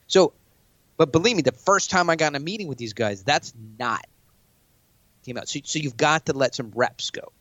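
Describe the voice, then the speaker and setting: A man in casual conversation, telling brash stories about business meetings and acting out pitches. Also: normal speed, no room sound, highs cut off. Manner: brash, animated, acts out sales pitches. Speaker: business speaker, podcast guest. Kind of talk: casual chat.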